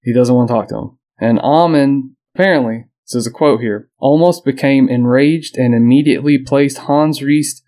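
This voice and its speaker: A man's voice: medium pitch, normal speed, hardly any pauses. A man co-hosting a podcast, casually retelling history with fillers and small laughs. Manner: relaxed storytelling with frequent fillers and laughs. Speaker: podcast co-host.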